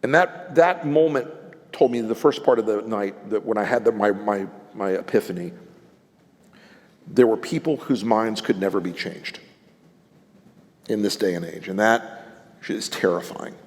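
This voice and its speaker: A man's voice: on the low side, measured pace, long pauses. A man, a political strategist, telling blunt, salty stories on stage at a live event and acting out the people he quotes. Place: event stage before an audience. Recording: live event hall reverb.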